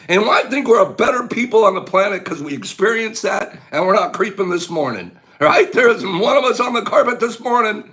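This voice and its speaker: A man's voice: high voice, brisk, few pauses. A man hosting a casual live stream with a scratchy voice, greeting viewers, joking and breaking into laughter. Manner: animated, bursts of laughter and loud exclamations.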